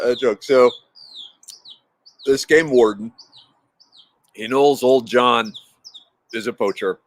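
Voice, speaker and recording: A man's voice: mid-range voice, a little hiss or hum. A man hosting a livestream outdoors in his yard, chatting casually and rambling, with easy laughs. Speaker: livestream host reading chat. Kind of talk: casual chat and storytelling.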